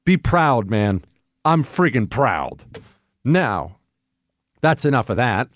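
A man's voice: medium pitch, very animated, slow pace, no echo. A man hosting a political talk radio show, delivering a fiery, emphatic monologue that shifts into mocking put-on voices.

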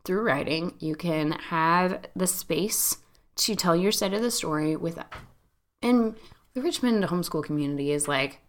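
A woman in her thirties, a podcast host, telling a long story in a chatty, animated way, full of "like" fillers. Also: on the low side, unhurried. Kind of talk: casual storytelling chat.

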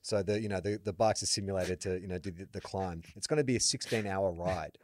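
An Australian man co-hosting a sports podcast in casual chat, telling animated stories and acting out quotes. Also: deep voice, quick pace, dry recording, studio quality. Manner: animated storyteller, acts out quotes loudly. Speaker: podcast co-host.

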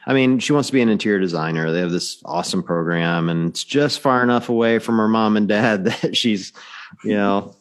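A man's voice: fairly low pitch, a little fast. A middle-aged man in casual chat, telling stories and joking, laughing at his own jokes.

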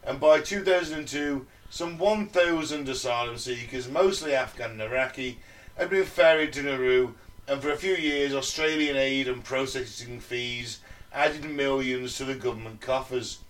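A man's voice: medium pitch, moderate pace, a bit bright, distant mic. A man co-hosting a casual podcast, reading out research and adding joking, sweary asides. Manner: reads research aloud, jokey asides, swears. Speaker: podcast co-host. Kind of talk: reading notes in casual chat.

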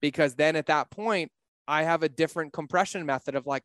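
A man's voice: on the high side, normal speed, a bit bright, dry recording, studio quality. A man in his thirties, a business coach and guest on a podcast, talking in a blunt, candid way and swearing freely. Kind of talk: casual podcast conversation.

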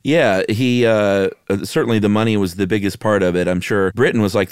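Male podcast co-host, low smooth voice, dry close mic, relaxed fact-listing. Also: normal speed, no room sound. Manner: relaxed, laughs often, lists facts with uh fillers. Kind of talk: casual chat.

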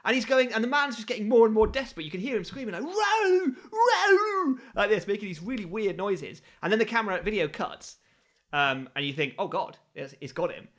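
A man co-hosting a podcast, telling a story excitably and dramatically, swearing freely. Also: high-pitched, fast talker. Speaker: podcast co-host. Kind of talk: casual chat.

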